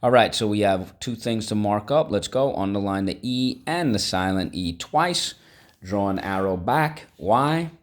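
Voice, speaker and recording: A male teacher giving a vocabulary lesson to children, prompting the class to repeat words and praising their answers. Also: low voice. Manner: call-and-response prompting, upbeat encouraging. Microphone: recorded video lesson.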